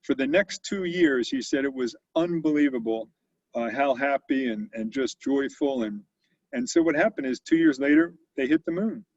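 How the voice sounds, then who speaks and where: An older man spins business stories in an animated way. He often slips into the voices of the people he quotes. His voice is gravelly and sits at a middle pitch. It is recorded dry and sounds dull and lo-fi. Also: normal speed, dry recording. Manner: animated storyteller who acts out quotes. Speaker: company founder and guest speaker. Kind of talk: storytelling interview.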